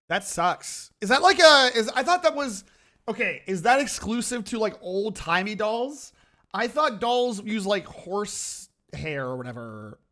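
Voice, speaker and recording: A male streamer reacting live with his chat, excitable, stumbling over his words and restarting often. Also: high-pitched.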